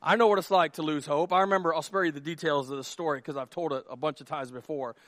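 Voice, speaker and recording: A man preaching a sermon as pastor, telling stories with animated delivery and rhetorical questions to the congregation. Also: fairly high pitch, dry recording.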